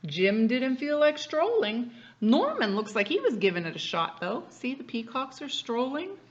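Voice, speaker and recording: A woman's voice: on the high side, moderate pace, muffled recording. A woman reading a picture book aloud to a child, pointing out what is in the pictures as she goes. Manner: lively, explains the pictures as she reads.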